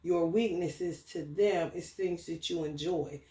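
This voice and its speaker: A woman ranting casually in a spiritual vlog, profane and animated, breaking into laughter. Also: lowish voice, unhurried, reverberant. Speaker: spiritual tarot reader.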